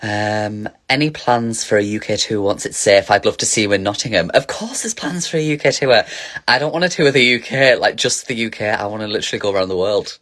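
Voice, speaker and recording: A man's voice: on the low side, a little fast, a bit bright. A man casually chatting on a phone livestream as a drag performer, reading viewer questions aloud and answering with camp, giggly energy.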